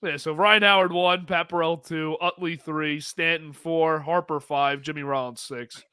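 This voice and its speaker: A man's voice: on the high side, steady tone, normal speed, bright, forceful tone, smooth, no echo, studio quality. A man co-hosting a baseball podcast, teasing and laughing through casual chat. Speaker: podcast co-host.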